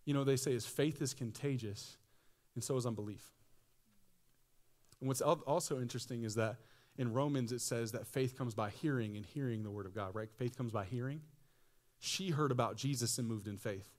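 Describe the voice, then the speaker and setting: A young man preaching a sermon as pastor, telling stories in a casual, slangy way, his voice jumping high for excited quoted people and dropping low and quiet at solemn moments. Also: normal speed.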